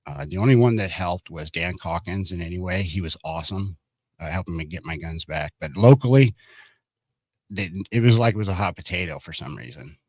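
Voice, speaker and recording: A man's voice: deep voice, lively intonation, brisk, a little mellow, no echo, clean studio sound. A man being interviewed as a guest, speaking in a blunt, plainspoken way. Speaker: county board applicant, guest. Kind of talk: casual interview talk.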